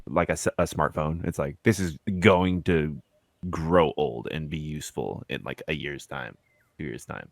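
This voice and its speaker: A man's voice: a bass voice, normal speed, creaky, no room sound. A man co-hosting a podcast in casual chat, laid-back, laughing along with short replies. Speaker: podcast co-host.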